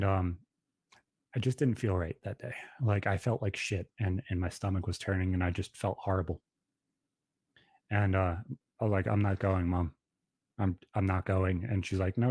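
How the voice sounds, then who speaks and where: A man's voice: sits low, darkish tone, no room sound. A man in his thirties telling a personal story on a podcast in a blunt, profane, emphatic way. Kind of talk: casual podcast conversation.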